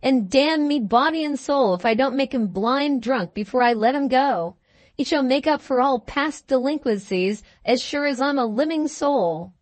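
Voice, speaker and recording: A woman reading the part of a drunken, brutish young gentleman who shouts and blusters, in an audiobook. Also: high voice, expressive, normal speed, dry recording. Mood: blustering.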